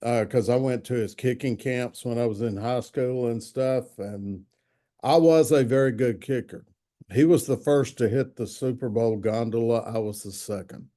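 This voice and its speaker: A man's voice: mid-range voice, normal speed, dark tone. A man in his sixties, a longtime football writer, telling anecdotes in an interview and acting out quotes. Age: 60s. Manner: anecdotal, acts out quotes in other voices. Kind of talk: storytelling interview chat.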